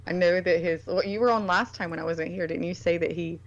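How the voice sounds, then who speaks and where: A woman's voice: lowish voice, steady tone, brisk, gravelly, highs cut off. A woman in casual conversation, telling stories in a loose, rambling way with many fillers. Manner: chatty storytelling with lots of fillers. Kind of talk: casual chat.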